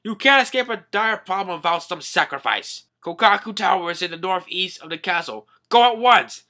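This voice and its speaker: Brief: booming high-strung sea king, done by a man, loud and commanding, a lively swing in the voice. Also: moderate pace, full character voice. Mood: urgent. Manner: loud, commanding, shouting threats. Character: booming stern merman king, protective father.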